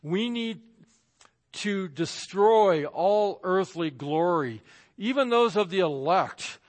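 A man's voice: high voice, expressive, slow. A man preaching a sermon as pastor, emphatic, acting out the voices he quotes. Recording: long reverb of a large hall.

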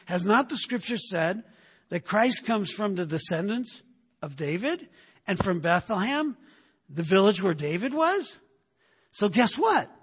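A man's voice: extremely high pitch, fairly bright tone, breathy edge, long reverb tail. A male pastor preaching a sermon, emphatic, often tagging his points with "right?".

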